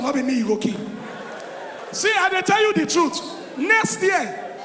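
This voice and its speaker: A man with a Nigerian accent doing live stand-up comedy, telling stories loudly and with energy in Pidgin. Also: very high voice. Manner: loud, animated storytelling in Pidgin. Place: large venue stage before an audience. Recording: echoey hall with crowd noise.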